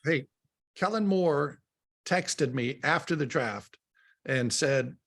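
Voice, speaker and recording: A middle-aged man, a radio football analyst, telling stories in casual sports talk, animated and often repeating words as he starts a thought. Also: medium pitch, measured pace, gravelly.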